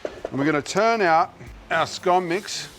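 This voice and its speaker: An Australian man hosts a cooking show on a kitchen set, chatting in a friendly, jokey way and thinking aloud as he works, recorded on a lapel mic. His voice sits high and unhurried, with background noise present.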